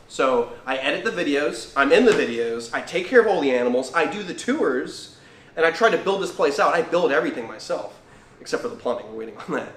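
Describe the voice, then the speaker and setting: Young man, reptile keeper, livestream host, enthusiastic, slightly high voice, echoey room. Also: fairly bright tone. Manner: enthusiastic, chatty. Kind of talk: casual livestream chat.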